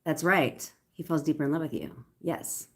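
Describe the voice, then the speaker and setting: Young woman chatting on a livestream q&a, upbeat, kinda low voice, keeps repeating stuff. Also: normal speed. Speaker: manifestation coach. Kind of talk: casual livestream Q&A.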